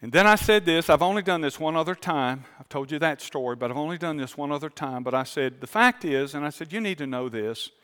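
A male pastor, preaching a sermon. He tells a story calmly, then builds to fervent appeals to the congregation. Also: a little high, brisk, hardly any pauses, clear, resonant tone, big-room sound. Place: large church auditorium.

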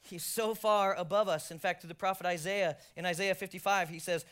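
A male pastor preaching a sermon, swinging from loud emphasis to hushed near-whispers, with jokey self-deprecating asides. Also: high voice, steady tone, a little fast, smooth.

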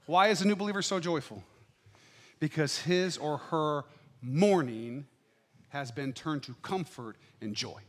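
A middle-aged man preaching a sermon in a church, swinging between loud, fervent declarations and quiet, intimate asides. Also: fairly high pitch, unhurried.

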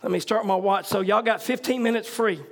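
A very high-pitched male preacher with a drawl. He swings between shouted, fervent bursts and hushed storytelling. Hallelujahs punctuate his sermon to the congregation. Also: fairly even intonation, fairly quick. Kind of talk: revival sermon.

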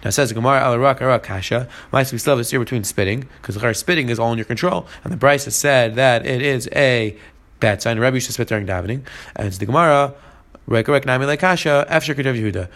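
A man's voice: medium pitch, quick pace, a bit bright. A man teaching a Talmud class, translating phrase by phrase as he goes. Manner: translating each phrase and mixing in Hebrew and Aramaic terms.

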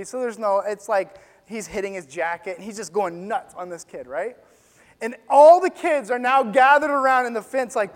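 A man preaching a sermon as pastor, telling a story with animated swings between loud and hushed delivery. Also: very high-pitched. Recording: long reverb of a large hall.

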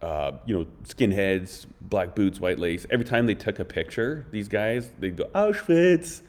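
A man's voice: low voice, normal speed. A man telling blunt, rambling stories in a casual chat, full of harsh opinions. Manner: rambling, blunt, opinionated, fond of mocking impressions.

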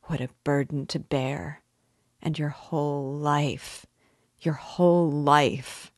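A young, devout woman in anguish, her pleas rising high and loud above the narration. A woman reader acts her out in a close, dry recording, voice low and unhurried at its base. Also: steady tone, dry recording. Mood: despairing. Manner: pleading, emotional outbursts.

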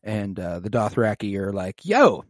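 A man's voice: mid-range voice, animated, moderate pace, dry recording, studio quality. A man co-hosting a podcast, joking loosely through an episode recap with lots of fillers and swearing. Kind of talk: casual chat recapping a TV episode.

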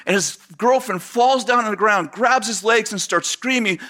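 Animated, bright-voiced male preacher. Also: sits high, moderate pace, few pauses. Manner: animated storyteller acting out dialogue, many fillers and restarts. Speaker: pastor. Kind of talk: sermon with storytelling.

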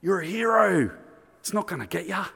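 A man voicing a brash older male pub drinker dispensing bad advice, loud and high-pitched, in a reverberant hall. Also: animated, normal speed, gravelly, breathy edge, exaggerated voice. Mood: boastful.

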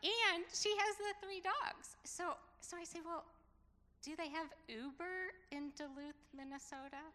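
A middle-aged woman telling a personal story in a sermon, acting out the dialogue with lively emphasis. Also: very high voice, a little slow. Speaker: preacher. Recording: long hall reverb.

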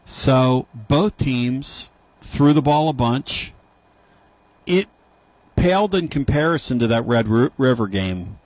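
A male sports radio host whose pitch swings widely as he teases and jokes with callers. His voice is close and dry, with no room sound, and he keeps the banter rolling. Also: lively intonation, slow, no echo, rough recording. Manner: joking, needling banter. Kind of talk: casual sports talk.

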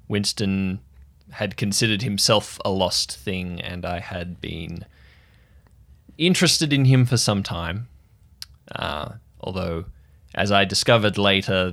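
A man voicing a calm, deep-voiced bird-man guardian. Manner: measured, quiet, solemn.

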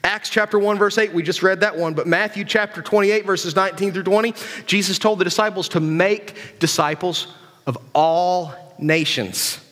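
Preaching to a young crowd in a relaxed, chatty way, this man repeats himself and poses rhetorical questions. His voice sits high and a bit bright, his pace is moderate, and a long hall reverb surrounds him.

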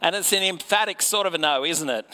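A man's voice: on the high side, quick pace, bright, forceful tone, clear, resonant tone. A man preaching a sermon in a conversational way, often putting rhetorical questions to his listeners.

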